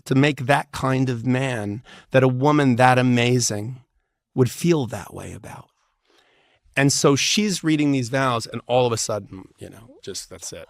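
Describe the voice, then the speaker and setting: Middle-aged man, divorce lawyer type, animated candid storyteller, dry close sound. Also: mid-range voice, unhurried, gravelly, dry recording. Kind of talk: casual interview storytelling.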